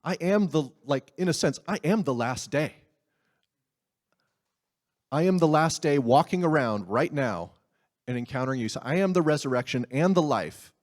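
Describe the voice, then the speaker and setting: A man's voice: on the high side, animated, moderate pace. Conversational male preacher. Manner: conversational preaching with laughs and asides. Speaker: pastor. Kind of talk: sermon.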